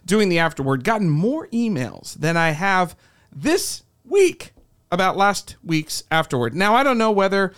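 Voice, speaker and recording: A man's voice: sits high, sing-song, a little slow, fairly bright tone. A man hosting a podcast, chatting casually and cracking self-deprecating jokes in a studio. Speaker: podcast host. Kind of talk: casual chat.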